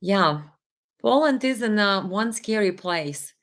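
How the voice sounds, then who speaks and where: A woman's voice: medium pitch, lively intonation, slow, fairly bright tone. A woman from Ukraine with a Ukrainian accent, hosting a casual livestream, reading viewer comments and talking emphatically with lots of fillers and rhetorical questions. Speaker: livestream host.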